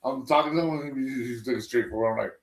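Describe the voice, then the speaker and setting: A man in a casual livestream chat, telling stories in a blunt, profane, halting way. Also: mid-range voice, recorded from a distance. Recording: echoey room, voice off-mic.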